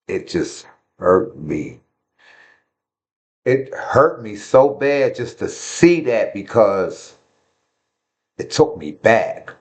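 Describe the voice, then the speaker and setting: A man speaking frankly and earnestly to his viewers in a casual vlog, repeating himself for emphasis and using slang. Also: low voice. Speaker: vlogger. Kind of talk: heartfelt casual talk to viewers.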